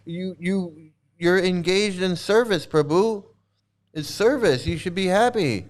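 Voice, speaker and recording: A man's voice: high-pitched, unhurried. A man hosting a casual monologue, talking emphatically and sarcastically and repeating his points. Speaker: host.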